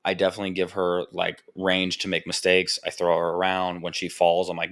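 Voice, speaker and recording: A young man with a low voice talks candidly into a podcast mic. He rambles, swears freely and leans on filler words as he works through his thoughts. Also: monotone, brisk, fairly bright tone. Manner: rambling, frank and profane, full of "like" fillers. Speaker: podcast host. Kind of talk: candid personal podcast monologue.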